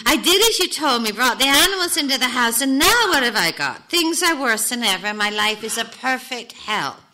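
A woman's voice: medium pitch, normal speed, pushed and bright, natural voice. A woman voicing a poor, desperate man who pleads and laments as she reads a story aloud in a talk. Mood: distraught.

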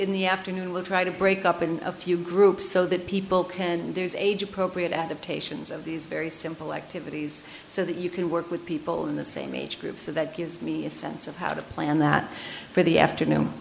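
A woman leading a mindfulness workshop, polling the audience with quick, upbeat questions and then reading a picture book aloud. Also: fairly low pitch, little pitch movement, gravelly, a little hiss or hum, poor audio. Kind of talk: workshop teaching and story reading. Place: meditation center workshop room.

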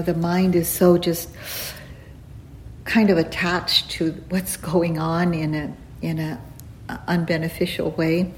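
A woman meditation teacher speaks slowly and gently, pausing often as she gives a dharma talk. Her voice sits a little low, and faint room ambience hangs behind her words. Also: slight background noise, poor audio. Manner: slow, gentle, with frequent pauses and fillers; laughs softly while telling stories. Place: retreat center hall.

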